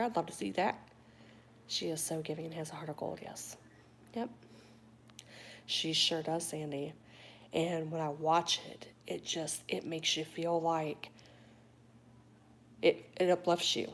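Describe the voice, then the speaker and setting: A woman hosting a late-night livestream, reading viewer comments in a soft, often whispered, affectionate way; she sounds sleepy. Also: sits low, fairly even intonation, a little slow, creaky, pauses often, a little hiss or hum. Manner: warm, affectionate toward viewers. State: sleepy but awake. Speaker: livestream host.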